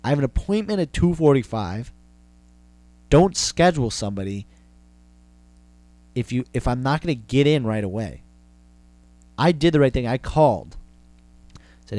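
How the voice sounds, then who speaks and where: Young man, solo podcast host, sweary comic rant, mid-pitched voice, keeps circling back. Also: expressive, moderate pace, pauses often, warm tone, no echo. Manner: profane, exasperated, repetitive. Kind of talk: comedic ranting monologue.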